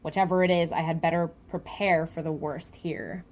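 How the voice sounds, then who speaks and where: A woman's voice: low voice, fairly even intonation, normal speed, darkish tone. A woman casually reviewing a comic chapter, chatty and full of fillers and restarts.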